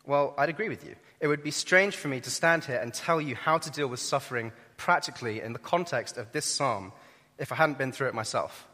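A young man preaching a sermon, earnest and emphatic, swelling and dropping in loudness. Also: mid-range voice, a little fast. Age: young adult. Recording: reverberant hall.

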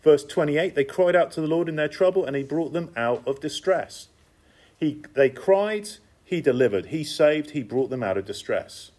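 A man delivers a sermon with an animated, swooping voice that sits a little high for a man. He drives his points home through repetition and chatty asides to the congregation. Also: normal speed. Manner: lively, emphatic, repetitive cadence with conversational asides. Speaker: preacher.

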